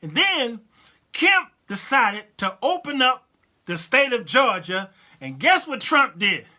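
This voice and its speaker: High, bright-voiced man hosting a talk show. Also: takes it slowly. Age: 50s. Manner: animated, laughing, addressing viewers directly; reads and answers live chat comments. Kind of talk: casual commentary monologue.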